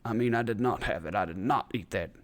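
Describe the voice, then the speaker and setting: A man's voice: on the low side, fast, pitched below the performer's own voice, lightly acted. A man voicing a sheepish man giving a mock-formal denial that he ate snacks. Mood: mock-solemn.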